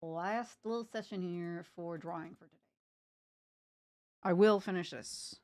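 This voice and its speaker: A woman's voice: lowish voice, slow pace, long pauses, darkish tone, dry recording, studio quality. A young woman chatting casually while she draws, playfully reciting tongue twisters and laughing at her slips. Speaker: art streamer. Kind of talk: casual chat while drawing.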